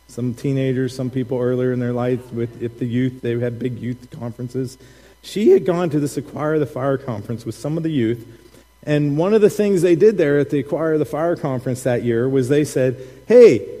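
Animated man preaching in a reverberant hall. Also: mid-range voice. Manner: animated, laughing storyteller acting out quotes. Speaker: pastor. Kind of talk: sermon with personal storytelling. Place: church sanctuary.

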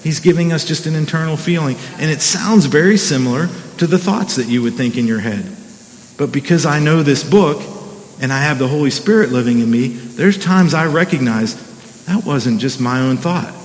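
A middle-aged man preaches to his congregation in a casual, conversational way, often restarting his phrases and urging the room on. His voice sits a little high for a man, and it rings out through a big hall with a long reverb tail. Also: normal speed, a little hiss or hum. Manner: conversational, with frequent restarts and "come on" asides. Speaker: pastor. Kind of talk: sermon.

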